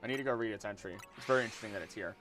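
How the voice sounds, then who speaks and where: Over soft background music, a man in his twenties keeps up rapid-fire, rambling chatter with his livestream viewers as he plays. His voice is on the low side and a bit bright, and he repeats words while reacting.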